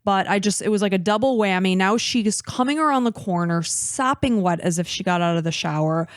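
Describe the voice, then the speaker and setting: A woman's voice: medium pitch, brisk, no room sound. Woman, 30s, podcast host, emotional, teary, dry recording. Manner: emotional, talks openly about crying. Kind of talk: casual chat and case narration.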